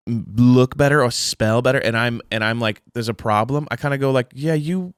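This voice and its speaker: A man's voice: mid-range voice, a little fast, smooth, no echo, clean studio sound. A young man co-hosting a casual podcast chat, sarcastic and mock-incredulous, acting out little scenes. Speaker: podcast co-host.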